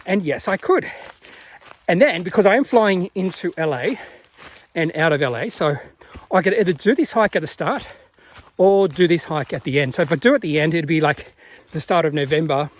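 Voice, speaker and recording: A man's voice: fairly high pitch, lively intonation, moderate pace. A man chatting casually and rambling with fillers while filming himself on an outdoor rainforest trail. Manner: chatty, rambling, lots of fillers and self-corrections. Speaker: hiking vlogger. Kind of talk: casual vlog narration while hiking.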